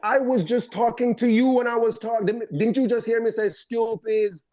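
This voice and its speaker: A man's voice: very high-pitched, moderate pace, no room sound. A man from Jamaica, talking in casual podcast banter and telling his stories insistently. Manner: animated, insistent storyteller. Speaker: podcast co-host. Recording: dull, dry podcast recording.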